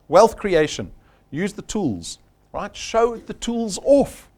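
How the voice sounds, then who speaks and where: A man presenting a live sales workshop, his voice sitting a little high and swinging widely in pitch. He speaks in short, punchy phrases and hammers home each point. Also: big pitch swings, takes it slowly, a little mellow. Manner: emphatic, punchy, repeats key points. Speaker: sales trainer.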